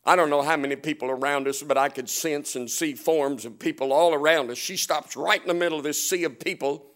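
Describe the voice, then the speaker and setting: Folksy preacher man, somewhat high voice. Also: fairly quick. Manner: folksy and humorous, swinging from loud to hushed; often chuckles while telling stories. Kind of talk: storytelling sermon.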